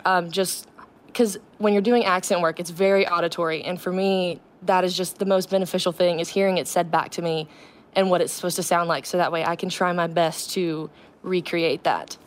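A woman's voice: fairly low pitch, steady tone, normal speed. A young woman, a student actress, talking as a guest on a radio interview. She speaks in a bubbly, earnest way and laughs often.

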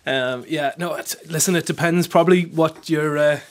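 A man in his thirties with a fairly high voice for a man, chatting as a guest in a radio studio. He answers in a relaxed, modest way, laughing often and playing things down. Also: normal speed. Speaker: guest, country singer. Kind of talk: casual radio interview.

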